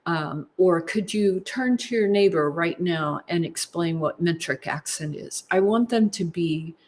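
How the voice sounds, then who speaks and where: Slow-speaking woman teaching choir methods. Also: on the low side, slight background noise. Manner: warm, unhurried teacherly explaining with fillers. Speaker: choral music clinician. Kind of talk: conference teaching session.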